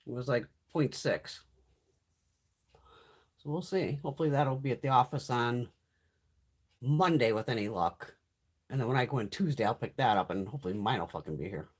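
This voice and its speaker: A woman's voice: very deep voice, normal speed, long pauses, darkish tone, husky. A middle-aged woman hosting a live stream, chatting casually and bluntly with lots of swearing while answering viewer comments. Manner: profane, blunt storytelling, reads chat comments. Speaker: livestream host.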